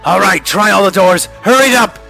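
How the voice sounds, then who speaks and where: A man's voice: high voice, gravelly, bright, forceful tone, soft background music, voice pushed up, exaggerated voice. A man voicing a harsh male army sergeant who barks orders, curses and hurries his squad along in a fan audiobook. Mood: shouting orders. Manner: bellowing, cursing, hurried.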